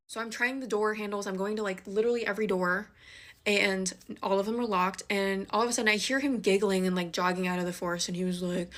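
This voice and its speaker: A young woman with a mid-range voice tells a scary personal story in casual speech. She swings between quick rushes and slow, weighty pauses. It sounds like it was recorded close on a phone. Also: mid-range voice. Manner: animated and dramatic, shifting between fast rushes and slow emphasis.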